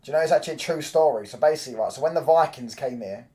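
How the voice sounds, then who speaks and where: A young man, chatting casually on a football watchalong stream, swearing freely and breaking into loud reactions to the match. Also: mid-range voice, rapid-fire. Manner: loose, swearing banter, reacts loudly to the match. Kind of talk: casual live-stream chat.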